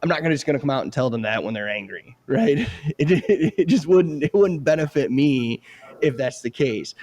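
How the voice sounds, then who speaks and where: A man's voice: on the high side, lively intonation, moderate pace, darkish tone. A man hosting a podcast interview, talking in a loose, rambling way full of fillers. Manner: rambling, lots of fillers like "like" and "they say". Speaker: podcast host. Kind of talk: casual interview chat.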